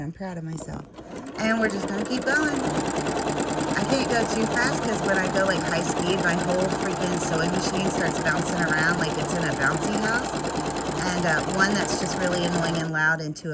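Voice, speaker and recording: A woman's voice: on the low side, expressive, normal speed, very noisy. A woman hosting a live sewing tutorial, talking chattily with frequent giggles and self-deprecating asides. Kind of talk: casual live sewing demonstration.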